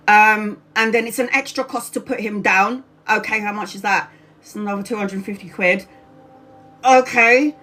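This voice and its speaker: A tired woman, a tarot reader, telling a personal story to her livestream viewers in a casual, animated way, swearing freely. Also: mid-range voice. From Brazil. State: exhausted.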